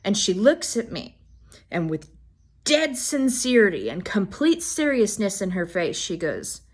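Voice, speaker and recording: A young woman vlogger telling funny stories in a casual, animated way, swearing freely and laughing as she goes. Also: medium pitch, unhurried, slightly rough. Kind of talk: casual storytime.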